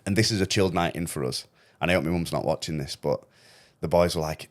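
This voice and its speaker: A man's voice: sits low, quick pace. A young man, hosting a podcast and telling a wild story in casual, swear-laden chat. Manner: swearing, animated storytelling with quoted voices. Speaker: podcast host.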